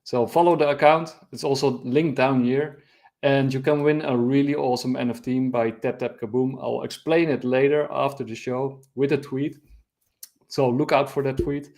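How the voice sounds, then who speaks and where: A man hosting a casual online interview, his voice a little hoarse from a cold. He speaks in a friendly way, pausing on fillers as he wraps things up. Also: medium pitch, fairly even intonation, a little mellow. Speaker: host.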